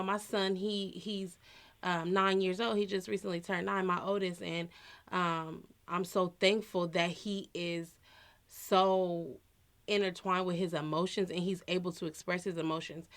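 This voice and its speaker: A woman in her thirties with a slightly low voice, talking casually on a podcast. She tells personal stories in an earnest and reflective way, as a co-host would. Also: steady tone, unhurried, fairly bright tone.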